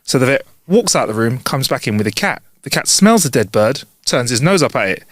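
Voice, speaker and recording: A man's voice: medium pitch, very animated, brisk, a bit bright, no room sound, studio quality. A man co-hosting a casual comedy podcast, reading jokes aloud and laughing often. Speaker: podcast co-host.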